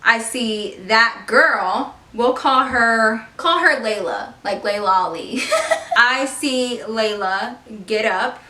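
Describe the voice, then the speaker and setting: A young woman spinning a storytime tale with a bright, sharp, slightly high voice, animated and full of swearing. The room is echoey and the mic sits some distance away. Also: takes it slowly. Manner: animated, profane, conversational. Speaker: vlogger. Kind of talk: storytime vlog.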